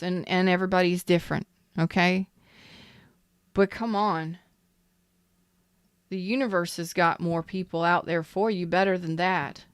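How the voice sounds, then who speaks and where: Woman doing a tarot reading, smooth low voice, dry close sound, says things twice for emphasis. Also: no echo. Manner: emphatic, repeats herself, talks straight to viewers. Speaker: tarot reader.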